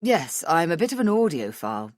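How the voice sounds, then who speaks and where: A woman voicing a relaxed, slightly smug nerdy man in an audiobook. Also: deep voice, a little fast, dry recording, clean studio sound. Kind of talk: audiobook character voice.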